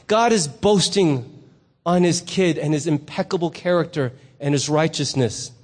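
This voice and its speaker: High-voiced pastor preaching in a reverberant church. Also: male voice. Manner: conversational, with rhetorical questions. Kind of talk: sermon. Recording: long reverb in a hall.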